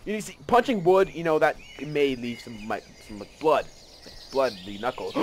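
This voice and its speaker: A man giving casual let's play commentary, excitable and rambling, often gasping and joking at himself. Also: a little high, moderate pace, background noise. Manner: excitable, rambling, gasps and self-mocking asides.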